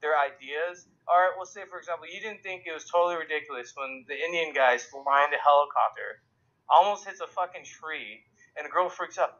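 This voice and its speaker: Young man, casual call chat, profane and mocking, slightly high voice, dull call audio. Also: fairly quick, sharp tone. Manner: rambling, profane, mocking with put-on quotes. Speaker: discussion co-host. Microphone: video call.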